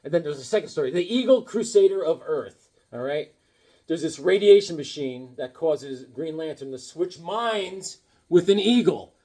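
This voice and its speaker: A man rambling through a casual comic book chat, dropping corny one-liners as he goes. His voice is husky and rather high, and it bounces around a lot in pitch. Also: animated, moderate pace, warm tone.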